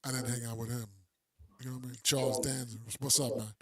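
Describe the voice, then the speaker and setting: A man's voice: mid-range voice, flat delivery, quick pace, a bit bright. Male podcast co-host, casual slangy storyteller, acts out quotes.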